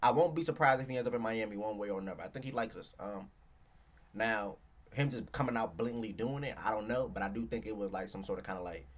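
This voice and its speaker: A man's voice: on the low side, quick pace. A man co-hosting a casual sports debate podcast, emphatic, often asking if you know what he's saying. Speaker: podcast co-host.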